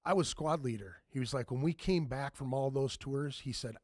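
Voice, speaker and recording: A man's voice: medium pitch, normal speed, darkish tone, no echo, clean studio sound. A man hosting a podcast talks casually and bluntly, swearing freely and calling his guest "dude" and "man.". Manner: blunt and profane, says "dude" and "man" a lot. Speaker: podcast host.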